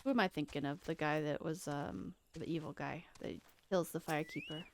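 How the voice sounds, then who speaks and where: A woman's voice: sits low, expressive, fairly quick, a little hiss or hum. A young woman streaming a game, chatting casually and rambling as she searches for names. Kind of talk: casual gaming commentary.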